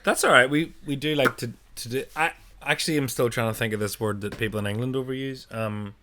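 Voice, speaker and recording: A man co-hosting a casual podcast chat, playful and quick to slip into silly voices when telling a story. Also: mid-range voice, sharp tone, a little hiss or hum. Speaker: podcast co-host.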